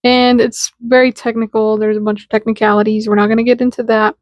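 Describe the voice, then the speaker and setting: A woman's voice: a little high, flat delivery, fast, no echo. A woman giving a casual spiritual talk, chatty and slangy, acting out little dialogues as she explains. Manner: chatty and informal, acts out little dialogues in quotes; slangy, with lots of "like" fillers. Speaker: spiritual content creator.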